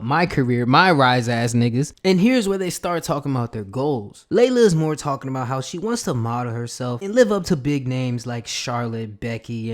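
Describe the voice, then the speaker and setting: Male vlogger, loose slangy recap with plenty of swearing, rambles on. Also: medium pitch. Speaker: wrestling commentary vlogger. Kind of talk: casual storyline recap.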